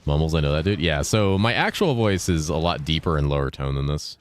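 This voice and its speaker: A man in his thirties with a remarkably deep, low voice talks loosely with his stream chat, cursing offhandedly between topics. He speaks in a deliberate, clearly enunciated voice with a slightly raised inflection. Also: animated. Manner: laid-back, profane, reads and answers chat while playing. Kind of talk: casual gaming livestream chat.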